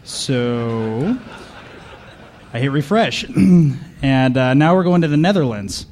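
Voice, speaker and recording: A man giving a comedic conference talk, deadpan and sarcastic, bantering with the audience from the stage. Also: medium pitch, slow pace, slight background noise. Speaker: conference speaker.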